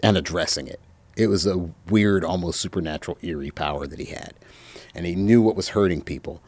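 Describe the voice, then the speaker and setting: A man telling stories as an interview guest, reflective and halting, with many pauses and fillers. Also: sits low, a little mellow. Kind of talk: reminiscing anecdotes.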